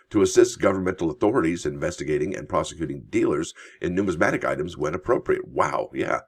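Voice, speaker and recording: A man hosting a coin and bullion channel, reading news items aloud and adding chatty, rambling asides as he thinks out loud. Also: rumbling low, slightly rough. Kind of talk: casual commentary while reading news on screen.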